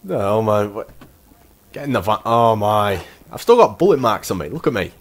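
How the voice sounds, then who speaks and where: A man's voice: fairly low pitch, very animated, normal speed. Frantic man commentating gameplay. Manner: frantic, exclaiming, muttering to himself. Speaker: gameplay streamer.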